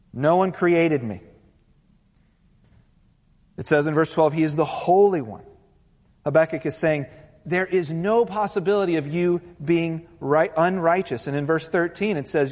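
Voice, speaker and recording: A man's voice: fairly high pitch, a little mellow. A man preaching a sermon as pastor, earnest and building to urgent intensity, after an opening prayer. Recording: long hall reverb.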